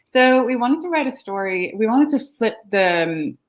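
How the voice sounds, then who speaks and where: A woman filmmaker chatting in an interview over a video call, laughing often and filling pauses with ums. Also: on the high side, lively intonation. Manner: giggly, lots of ums and laughs. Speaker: filmmaker guest. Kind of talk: casual interview chat.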